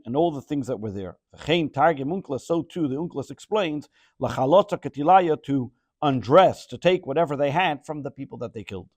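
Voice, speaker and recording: A man leads a Torah lesson. He reads each phrase and translates it as he goes, in a slightly higher voice. The sound is dry and close, with no room around it. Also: no echo. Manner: reads Hebrew phrases then translates, explains with Rashi. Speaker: Torah teacher. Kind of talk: verse-by-verse Torah class.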